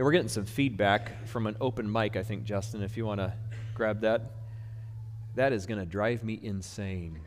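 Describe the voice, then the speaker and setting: A male pastor preaching a sermon in a church sanctuary, emphatic and conversational, slowing down to stress key words. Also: fairly high pitch, long reverb tail.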